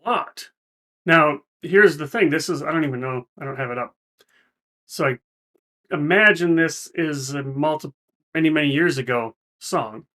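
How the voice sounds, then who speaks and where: Thoughtful man explaining, slightly high voice. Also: moderate pace, pushed and bright. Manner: explanatory, thoughtful, with frequent restarts. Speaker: reaction video host. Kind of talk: casual commentary.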